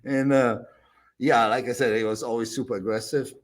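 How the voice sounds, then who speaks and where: An older man with a German accent, a bodybuilder guest telling animated stories, acting out quotes with loud bursts and laughter. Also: medium pitch, normal speed. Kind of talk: animated storytelling.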